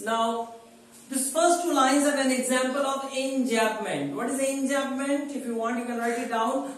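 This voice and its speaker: A man's voice: extremely high pitch, moderate pace, recorded from a distance. A man, teaching a poem line by line in an explanatory, repetitive way. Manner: explanatory, repetitive, stressing key words. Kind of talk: line-by-line poetry lecture. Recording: echoey room, voice from the mic.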